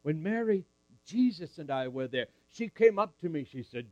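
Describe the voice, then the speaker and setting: A man's voice: fairly high pitch, animated, moderate pace, darkish tone, no room sound, dull audio. A man at a camp meeting, telling a Bible story in character in the first person and calling up audience volunteers. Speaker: camp speaker.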